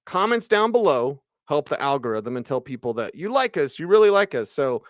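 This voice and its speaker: A man hosting a solo postgame livestream, giving a casual, animated football recap and reading viewer comments aloud. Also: on the high side, fairly quick, dry recording, clean studio sound. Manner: casual, animated, reads live chat aloud. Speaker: sports radio host.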